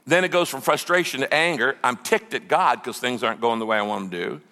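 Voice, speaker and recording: A man preaching a sermon as pastor, animated and conversational, acting out the voices of the people in his story. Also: medium pitch, a little fast, in a large hall. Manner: lively preaching, acts out quoted voices.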